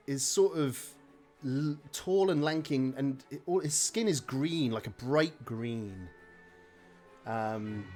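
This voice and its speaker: A man narrating a tabletop game as game master, hesitant with many fillers. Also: medium pitch.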